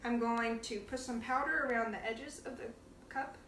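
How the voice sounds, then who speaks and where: This cooking show host leads a laid-back demo in her own kitchen, joking around and laughing frequently while she cooks. Her voice sits on the high side at a moderate pace. The mic is distant, picking up a roomy kitchen sound and a lot of noise.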